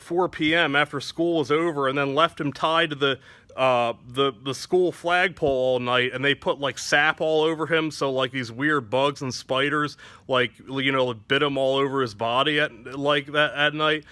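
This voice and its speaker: A man's voice: mid-range voice, steady tone, normal speed, bright, forceful tone, clear, resonant tone, no room sound. A male comedian telling a crude joke story in a rambling way, full of fillers and restarts.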